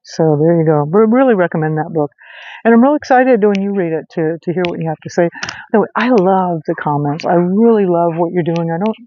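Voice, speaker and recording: A woman's voice: fairly low pitch, a little fast. Woman, casual vlog host, chatty, rambling, outdoors at night, dull lo-fi recording, faint background noise. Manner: rambling, chatty, many fillers and restarts. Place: outdoors at night under a street light.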